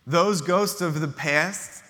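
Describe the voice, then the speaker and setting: Bright-voiced pastor in a reverberant hall. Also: male voice, fairly high pitch, takes it slowly. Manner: casual storytelling, acts out character lines. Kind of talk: sermon. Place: church hall.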